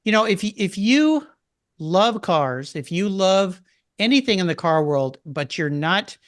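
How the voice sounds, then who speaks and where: A man's voice: high voice, very animated, a little slow, no room sound. Older guy on a podcast, upbeat storyteller, dry close sound. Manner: enthusiastic, storytelling. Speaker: podcast guest. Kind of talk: casual interview chat.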